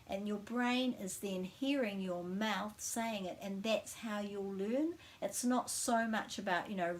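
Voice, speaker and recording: A woman with a New Zealand accent teaches words in a relaxed, friendly way. She slows right down to model each sound clearly so learners can copy her. Her voice sits at an ordinary middle pitch. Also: a little hiss or hum. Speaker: language teacher. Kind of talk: casual language lesson.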